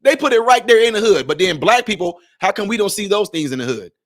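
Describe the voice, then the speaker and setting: A man's voice: high voice, sing-song, fast. A man giving emphatic, conversational commentary in a vlog, speaking directly to his viewers.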